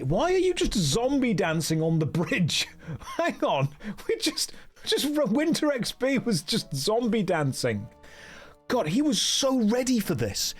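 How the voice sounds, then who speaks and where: A man's voice: sits high, huge pitch swings, a little slow, slightly rough, soft background music. A British man chatting casually on a game stream, joking, mocking himself and reading out chat. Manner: joking, self-mocking, reads chat aloud.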